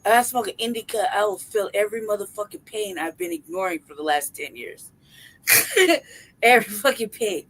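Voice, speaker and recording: A woman's voice: medium pitch, fairly quick, rough recording. A young woman co-hosting a podcast, telling stories in casual chat with lots of swearing and laughter. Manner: profane, animated storytelling with frequent laughter. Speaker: podcast co-host.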